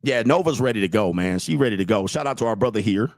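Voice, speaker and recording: A man's voice: fairly low pitch, animated, fast, dry recording. Late 40s guy on a livestream, crude and blunt, mocking, laughs at his own jokes, dry close mic. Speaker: host and dating coach. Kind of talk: livestream commentary reading chat.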